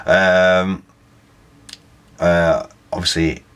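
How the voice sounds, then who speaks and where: A man's voice: sits low, flat delivery, drawn-out words, fairly bright tone, smooth, highs cut off. A man talking casually as he reviews a beer on camera, rambling, correcting himself and chuckling at his own slips.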